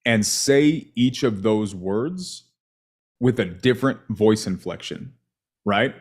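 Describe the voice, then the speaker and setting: Brief: male sales coach, animated and emphatic, reviewing a call. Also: lowish voice, slow, slightly rough. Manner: emphatic, animated, asks "right?" constantly.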